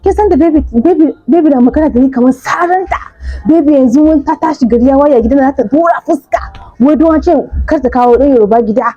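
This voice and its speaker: A woman's voice: sits high, fast, warm tone, dry recording, dull audio, voice pushed up, lightly acted. A woman with a Nigerian accent voicing her aggrieved, complaining mother in a light impression.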